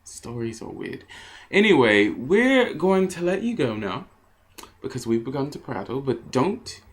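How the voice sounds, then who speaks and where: A man's voice: medium pitch, sing-song, unhurried. A man co-hosting a comedy vlog, telling stories in a rambling, profane, giggly way. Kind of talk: casual storytelling.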